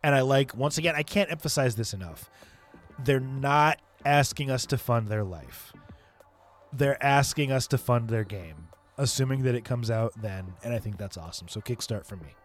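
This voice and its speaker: A man co-hosting a live gaming show, chatting casually in an upbeat, lively way. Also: mid-range voice, normal speed, faint music behind. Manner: lively, upbeat, animated delivery. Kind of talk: casual live-stream chat.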